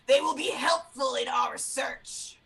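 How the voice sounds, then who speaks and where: A woman voicing a stiff, loud and overly formal female investigator in a tabletop game. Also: high voice, steady tone, slow, vocal fry, husky, heavily acted. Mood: stern shouting. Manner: shouted, overly formal, pompous questioning.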